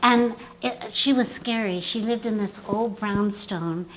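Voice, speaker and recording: An older woman from the US East Coast with a little squeaky voice, telling animated stories as a guest in a casual interview. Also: unhurried, slight background noise, poor audio. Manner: animated storyteller, laughs often. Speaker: guest actress.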